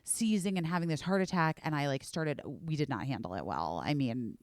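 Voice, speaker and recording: A woman's voice: low-pitched, a little fast, dry recording. A woman in her forties hosting a podcast, telling a rambling story full of "like" and the odd swear word. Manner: rambling, animated, heavy on "like" and swearing. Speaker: podcast host. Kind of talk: casual storytelling chat.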